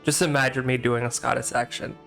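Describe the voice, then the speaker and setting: Male game streamer chatting casually, self-mocking and unsure, mid-pitched voice, faint game music behind. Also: little pitch movement, a little fast, gravelly, a bit bright. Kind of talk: live-stream gameplay commentary.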